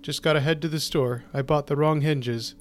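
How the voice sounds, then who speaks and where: A man's voice: on the high side, fairly even intonation, moderate pace, soft background music, lightly acted. A man voicing a patient but firm father speaking plainly to his young daughter in a read-aloud story.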